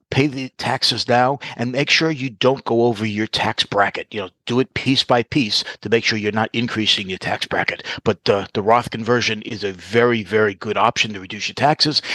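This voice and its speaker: Male advisor guest, lowish voice, dry sound, patient explanatory manner. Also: fairly bright tone, no room sound. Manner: explanatory, walks through examples step by step. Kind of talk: interview answers.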